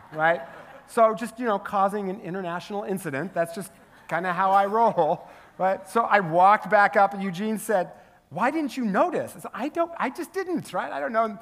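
High-voiced man preaching a sermon. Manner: storytelling, animated, asks the crowd "right?". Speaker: pastor. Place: church sanctuary.

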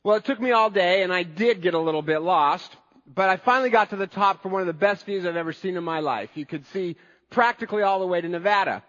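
A higher-voiced man delivering a sermon in an earnest, conversational storytelling manner. His voice carries a long reverb, as in a large hall. The recording sounds somewhat muffled. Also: quick pace, a bit bright. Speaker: pastor.

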